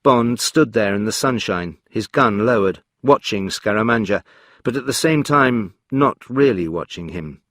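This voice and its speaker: Calm, measured male narrator. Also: fairly low pitch, no room sound, studio quality. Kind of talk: scripted story narration for learners.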